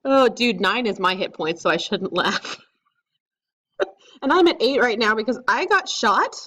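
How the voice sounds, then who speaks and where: A woman playing a tabletop game, chatting casually and excitedly, often laughing and exclaiming. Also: on the high side, unhurried.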